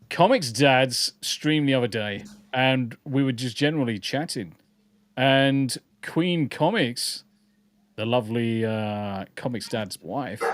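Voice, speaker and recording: A man's voice: medium pitch, no echo. Male co-host, casual ranting chat, sweary, dry close sound. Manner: blunt, sweary, rambling with restarts. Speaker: podcast co-host. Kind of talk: casual live-stream chat.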